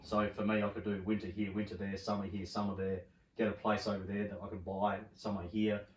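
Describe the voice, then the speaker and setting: A middle-aged Australian man, a podcast guest, telling stories in animated, casual chat and swearing freely. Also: lowish voice, fast talker, slight background noise. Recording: roomy, from a distance.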